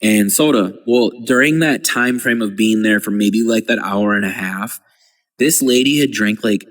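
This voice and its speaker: A man's voice: fairly low pitch, normal speed, a bit bright, distant mic. A man in his thirties, co-hosting a casual podcast chat and rambling through stories with casual swearing. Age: 30s. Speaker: podcast co-host.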